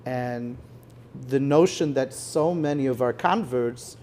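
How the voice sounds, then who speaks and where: A man, a rabbi and guest, explaining his views in a measured way to an audience in a synagogue, often saying "you know". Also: mid-range voice, dark tone, a little hiss or hum. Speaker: rabbi, head of a conversion court, guest. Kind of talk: live conversation before an audience.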